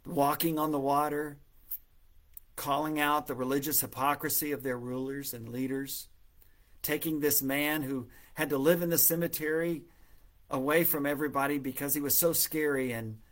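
A man giving a devotional Bible reading and reflection, earnest and gently pleading, acting out the dialogue and dropping soft and low for the prayers. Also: steady tone, moderate pace. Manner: reads scripture aloud, acting out the dialogue. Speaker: preacher.

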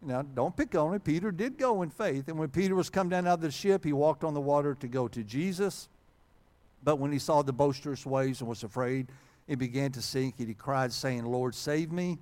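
With a fairly high, slightly mellow voice and a somewhat fast pace, a male pastor gives a funny, conversational sermon. Fillers and restarts come often, as do readings of scripture in its old-style wording.

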